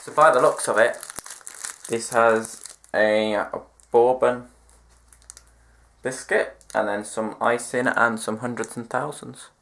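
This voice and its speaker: A man's voice: medium pitch, fairly even intonation, takes it slowly, creaky, pauses often, fairly bright tone. A young man chatting casually and upbeat to his viewers in a vlog, poking fun at himself. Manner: chatty and upbeat, self-mocking. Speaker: vlogger. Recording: echoey room.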